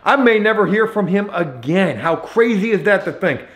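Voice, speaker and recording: A man's voice: high-pitched, lively intonation, moderate pace, reverberant. Chatty, cussing renovation vlogger guy. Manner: chatty, profane, self-mocking. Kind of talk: casual vlog narration while working.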